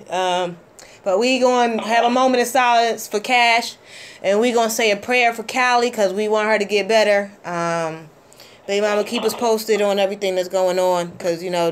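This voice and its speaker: A middle-aged woman hosting a call-in show, talking in a heartfelt, halting way with many ums. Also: medium pitch, a little hiss or hum. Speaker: host. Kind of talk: casual call-in show talk.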